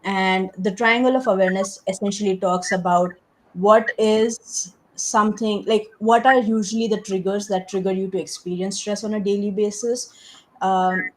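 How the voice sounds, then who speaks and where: A woman's voice: medium pitch, rough recording. A woman guest speaker, a stress coach, answering interview questions in an earnest, reflective storytelling way.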